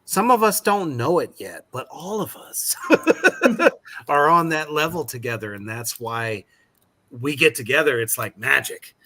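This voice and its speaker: A man in casual podcast chat, talking slowly and emphatically about acting work and swearing freely. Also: on the high side, expressive, sharp tone. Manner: slow, emphatic, swears a lot. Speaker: actor guest.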